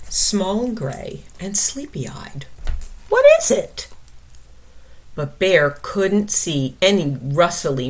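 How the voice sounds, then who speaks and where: A woman reads a children's picture book aloud in a gentle, slow manner. Her pitch rises and falls expressively over a fairly low voice. She pauses to explain words and often drops into a whisper. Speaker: storyteller reading aloud.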